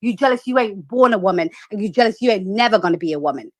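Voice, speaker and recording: A woman's voice: medium pitch, animated, very fast, darkish tone, no room sound. A woman on a live stream delivering a heated, profane, confrontational rant.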